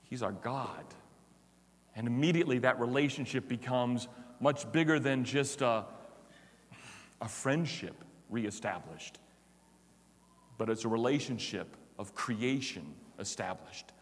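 A male pastor preaching a sermon, moving from hushed, tender passages to loud, emphatic declarations. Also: medium pitch, animated, a little slow, long pauses, breathy edge, big-room sound.

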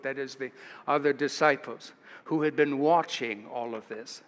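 A man with an American accent preaching a sermon, an animated, chuckling storyteller who rises for the dramatic moments. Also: medium pitch. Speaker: pastor. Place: church sanctuary. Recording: livestream in a reverberant church.

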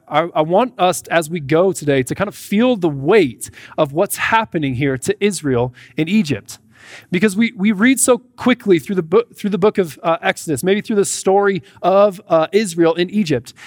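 A pastor preaching a sermon, reading scripture aloud and then explaining it in a conversational way. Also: male voice, on the high side, dry recording, clean studio sound.

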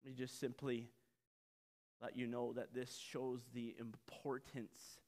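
A man preaching a sermon in an animated, conversational way, joking with his congregation. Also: medium pitch, slow, in a large hall. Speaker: pastor.

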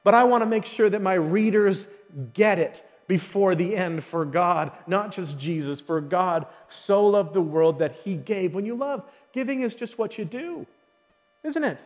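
A man's voice: high voice, a little slow. A male pastor preaching a sermon in a large hall, emphatic, repeating key phrases and asking the audience questions. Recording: long hall reverb.

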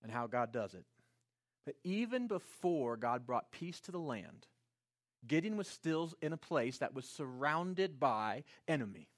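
A man preaching a sermon in a conversational, animated way, voicing characters with playful asides. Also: mid-range voice, unhurried. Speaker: pastor.

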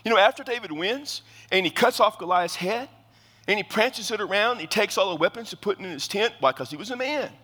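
A man in his fifties preaches in a church sanctuary, his voice bright and fairly high, swinging widely up and down. He keeps it lively and joking, talking with the congregation as he preaches. Long reverb from the hall trails his words. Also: fairly quick. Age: 50s. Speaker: pastor. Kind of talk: sermon.

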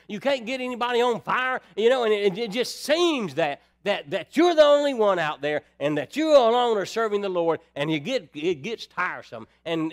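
A man preaching a sermon in a folksy way, putting rhetorical questions to the congregation. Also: sits high.

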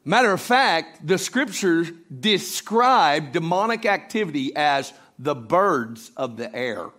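A man preaching a sermon, telling a story and building to loud, emphatic peaks. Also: a little high, expressive, takes it slowly.

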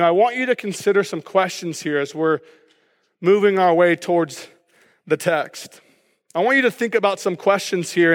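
A man delivers a sermon. He is animated, acts out excited reactions and keeps checking in with "right?" and "okay?". His voice carries with a long hall reverb around it. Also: high-pitched. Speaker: pastor. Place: church hall.

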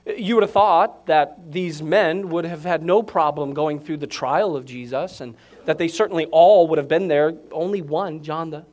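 A man preaching a sermon to his congregation, moving from calm explanation to loud, excited proclaiming. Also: fairly high pitch. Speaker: pastor.

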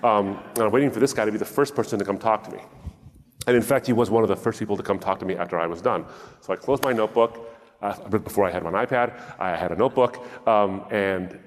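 A man's voice: lowish voice, fast talker, big-room sound. A man giving a talk in a sermon style, telling a story with wry humor and acted-out dialogue. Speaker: speaker.

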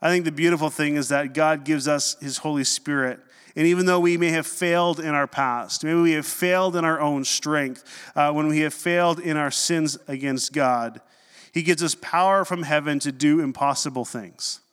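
A man preaching a sermon as pastor in a conversational, animated way, with humorous asides. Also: on the high side, moderate pace, clean tone, big-room sound.

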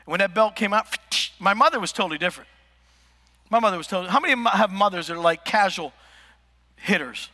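A man preaching a comedic sermon, telling stories with lively asides to the congregation. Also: high voice, fast, pauses often. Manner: animated storytelling with asides to the congregation. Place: large church hall. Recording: echoey church hall.

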